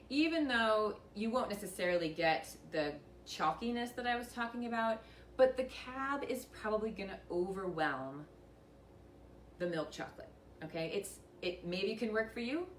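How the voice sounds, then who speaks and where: A woman's voice: on the low side, fairly bright tone, slight background noise. A woman hosting a casual wine-and-chocolate tasting lesson in a winery tasting room, chatty and upbeat with light self-mocking humor. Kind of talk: casual instructional demonstration. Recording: echoey room, voice picked up from a distance.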